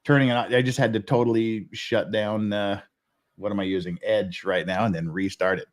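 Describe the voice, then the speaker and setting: A man's voice: lowish voice, steady tone, fairly quick. A man hosting a livestream in casual chat, rambling and joking at his own expense. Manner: self-mocking, rambling, joking. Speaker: host.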